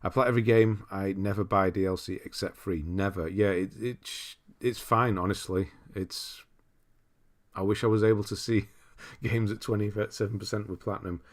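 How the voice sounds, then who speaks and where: A man with a mild northern English accent, hosting a casual livestream, reading viewer comments aloud and chatting in a relaxed, rambling way with frequent chuckles. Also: fairly low pitch, normal speed. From northern England. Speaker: streamer host.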